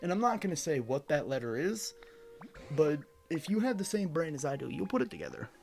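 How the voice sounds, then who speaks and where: A male streamer who jokes and rambles with his live chat. His voice has a gravelly rasp, and his pitch swings widely as he gets worked up. Soft game music plays underneath. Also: a little fast. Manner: animated, rambling, jokey banter with chat.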